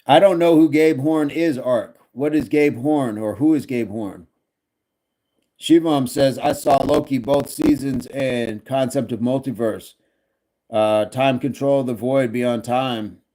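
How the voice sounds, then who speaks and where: A man's voice: medium pitch, takes it slowly, warm tone. Joking man hosting a livestream. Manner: jokey, laughs often, reads chat comments aloud. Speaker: livestream fitness host reading chat. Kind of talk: casual livestream chat.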